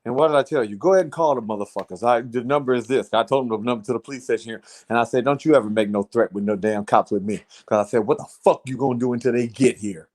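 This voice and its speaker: A man's voice: medium pitch, quick pace, few pauses, a little mellow. A man casually telling a long story to friends in a blunt, profane way, repeating "I said" as he retells it. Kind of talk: casual chat.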